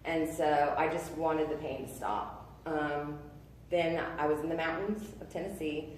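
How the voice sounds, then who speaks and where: A woman in her thirties giving a personal testimony, earnest and halting, full of fillers and restarts. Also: sits low, a little mellow, slight background noise. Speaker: testimony speaker. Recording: echoey room, voice from a distance.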